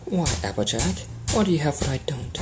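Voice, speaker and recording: A woman's voice: deep voice, big pitch swings, fairly quick, noisy background. A woman reading a storybook and voicing a proud, dramatic unicorn mare with a haughty, theatrical manner. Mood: pleading.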